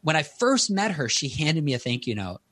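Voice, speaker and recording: A man in his thirties, a guest author on a podcast, telling personal stories in a casual, animated way. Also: moderate pace, no echo. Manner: animated storyteller, rises in pitch for quotes. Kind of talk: casual interview storytelling.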